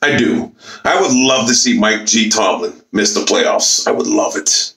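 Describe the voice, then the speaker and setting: A man ranting about football for his channel, swearing and bragging as his pitch swings up and down. The recording has an echoey, roomy sound. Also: lively intonation, a little slow, a bit bright. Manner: profane, boastful, repetitive ranting. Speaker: YouTuber. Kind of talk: football rant to camera. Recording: echoey room.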